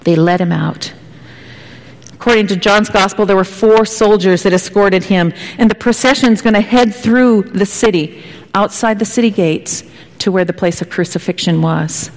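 A woman pastor preaching a sermon, telling it dramatically and sometimes dropping to a hushed whisper. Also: medium pitch, moderate pace. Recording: long hall reverb.

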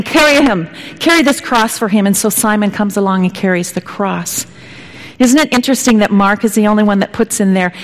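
A woman preaches a sermon at a middle pitch, telling it dramatically and sometimes sinking to a near whisper. Her voice carries a long reverb from a large church hall. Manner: dramatic storytelling, dropping at times to a hushed whisper. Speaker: pastor.

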